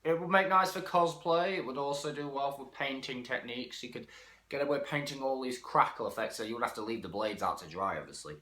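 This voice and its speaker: A man's voice: medium pitch, expressive, a little fast, sharp tone. A man giving a casual, rambling toy review, often correcting himself mid-sentence. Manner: chatty, self-correcting, frank. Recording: echoey room.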